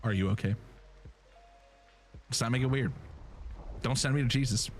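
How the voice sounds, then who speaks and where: A man's voice: medium pitch, normal speed, soft background music. A man streaming a game live, chatting casually and jokingly straight to his viewers. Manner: animated, joking, talks straight to chat.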